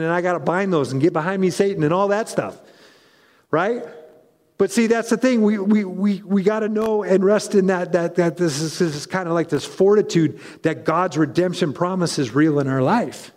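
Chatty high-voiced male preacher. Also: long reverb tail. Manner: chatty, animated, self-interrupting with asides. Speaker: pastor. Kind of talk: conversational sermon.

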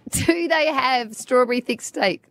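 A woman's voice: high-pitched, sing-song, slow, crowd noise. Giggly woman radio host. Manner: giggly, chatty, teasing. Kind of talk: casual radio banter. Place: radio studio.

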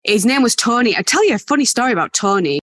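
A woman from England, an actor guest, telling lively stories in a casual interview with plenty of fillers and restarts. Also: fairly high pitch, fast talker, no echo, clean studio sound. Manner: animated storyteller, many fillers and restarts.

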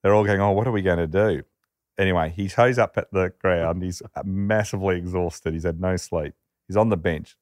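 A man's voice: low-pitched, dry recording, clean studio sound. A man on a podcast telling a story in casual chat and quoting the people in it. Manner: lively storyteller, quotes characters. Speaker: podcast co-host.

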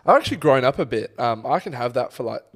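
A young man co-hosting a casual podcast chat, animated, swearing and laughing often. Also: medium pitch, fast, a little hiss or hum. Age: young adult. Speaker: podcast co-host.

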